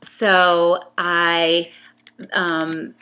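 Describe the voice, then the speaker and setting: A woman's voice: fairly low pitch, little pitch movement, very slow, bright, forceful tone, clean tone. A woman with a Western New York accent touched by New Orleans, chatting casually and reading a word list in a rambling way with many ums. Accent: Western New York with some Southern New Orleans influence. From upstate New York. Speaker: vlogger. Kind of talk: casual accent tag video.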